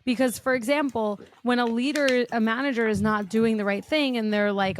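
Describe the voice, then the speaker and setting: A woman's voice: fairly high pitch, normal speed, no echo. A woman hosting a podcast, talking from a human resources view in a thoughtful way with fillers and hedges. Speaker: podcast host, HR leader. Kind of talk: conversational podcast talk.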